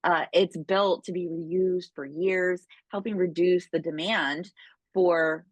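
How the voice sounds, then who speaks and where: A woman's voice: on the low side, steady tone, slow pace, dry recording. A woman casually coaching her sales team, chatty and full of "right?" tags. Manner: chatty, keeps tagging lines with "right?". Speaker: direct sales trainer.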